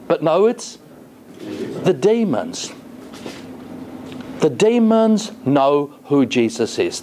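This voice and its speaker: A man's voice: on the high side, a little mellow, a little hiss or hum. A man giving a college lecture in a classroom. He talks in a thoughtful, hesitating way and keeps asking the class rhetorical questions.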